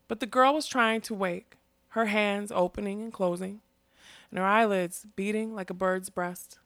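A woman narrating a fantasy story in a steady, expressive reading. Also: mid-range voice, moderate pace, no echo. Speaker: audiobook narrator.

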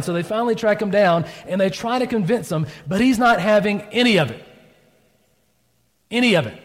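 Male pastor, conversational storyteller, acts out the dialogue, slightly high voice, church reverb. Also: fairly quick. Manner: conversational storytelling, acts out quotes, frequent "right?". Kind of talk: sermon. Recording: long reverb of a church hall.

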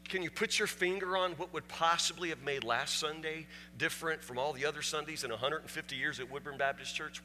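Bright-voiced man preaching in a reverberant hall. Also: mid-range voice. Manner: repeats words when stressing a point, rising to near-shouting climaxes. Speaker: pastor. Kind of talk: sermon with storytelling. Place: church sanctuary. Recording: long hall reverb, faint hum.

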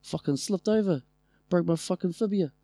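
A man's voice: medium pitch, lively intonation, a little fast, mellow, dry recording, faint music behind, lightly acted. A man voicing a grumpy older uncle who rants and swears. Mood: ranting. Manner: swearing, ranting. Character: grumpy older uncle telling a tall tale.

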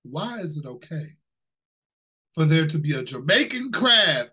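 Animated husky man ranting on a podcast. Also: on the high side, measured pace, pauses often, low-quality recording. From Ohio, USA. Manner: animated, ranting, laughs often, swears freely. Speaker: podcast co-host. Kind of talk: casual podcast chat.

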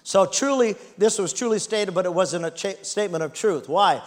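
A man's voice: high voice, moderate pace, few pauses. A man in his sixties preaching a sermon, reading scripture dramatically and calling the congregation to respond. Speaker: pastor.

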